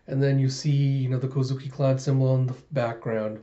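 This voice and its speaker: A man casually reviewing a comic chapter, retelling scenes with chuckles and animated voices, on a slightly dull recording. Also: medium pitch, a little fast. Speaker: manga reviewer.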